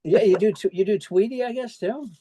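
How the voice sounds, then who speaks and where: A man hosting a podcast interview, talking casually and stumbling through quick restarts. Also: high voice, mellow, no echo. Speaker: podcast host.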